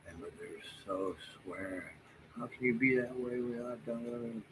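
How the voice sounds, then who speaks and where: A tired man talking to viewers in a halting, rambling monologue, full of fillers and restarts, sometimes dropping to a near whisper. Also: mid-range voice. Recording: noisy room background.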